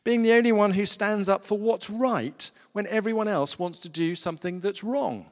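Guy preaching a sermon, fairly high voice, earnest and chatty, long hall echo. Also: normal speed. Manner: earnest, conversational with fillers.

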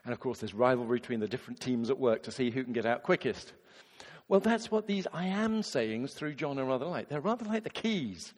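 A man, a vicar giving a chatty, animated sermon and acting out quotes in different voices. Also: mid-range voice, fairly quick, in a large hall. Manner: lively, conversational preaching with acted-out quotes.

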